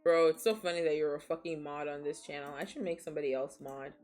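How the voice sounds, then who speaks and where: A woman's voice: deep voice, steady tone, quick pace, over a noisy crowd. A woman from Nigeria hosting a casual stream chat, teasing and laughing often, a little tipsy from beer. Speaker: streamer host.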